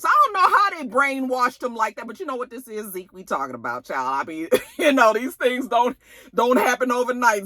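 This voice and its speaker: A woman recapping a TV episode in casual, animated storytelling, laughing as she goes. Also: sits high, dry recording. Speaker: TV show reviewer.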